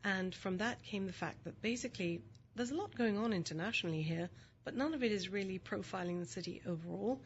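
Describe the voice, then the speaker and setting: A woman's voice: medium pitch, fairly quick, muffled recording, slight background noise. A woman with a mid-Atlantic accent that mixes British and Philadelphia sounds, answering interview questions as a composed, articulate guest. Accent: mid-Atlantic, mixed British and Philadelphia. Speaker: executive director, guest.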